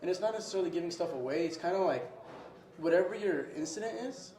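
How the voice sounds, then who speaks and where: Fast-talking young man in an echoey room. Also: high-pitched, a little hiss or hum. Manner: animated, says "bro" often, acts out customer exchanges. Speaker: restaurant owner. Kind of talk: casual interview talk. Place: his restaurant.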